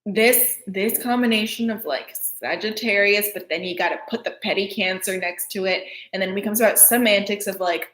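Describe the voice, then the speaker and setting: A woman's voice: mid-range voice, moderate pace, hardly any pauses, fairly bright tone. A woman astrologer co-hosting a live stream, talking casually with lots of fillers and sarcastic asides. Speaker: astrologer co-host. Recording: echoey room.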